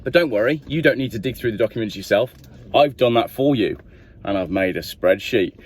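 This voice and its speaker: A man's voice: on the low side, lively intonation, a little fast, slight background noise. A man hosting a casual car review, chatty, enthusiastic and jokey. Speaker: car reviewer, channel host.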